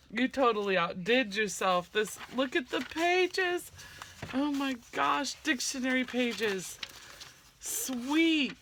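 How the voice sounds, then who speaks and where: Middle-aged woman crafter vlogging at home, bright voice, talks slow, lots of ums, faint hum behind. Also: fairly high pitch. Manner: chatty, many fillers, gasps and squeals of delight. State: low-key from a sinus headache. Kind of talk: casual chat to camera.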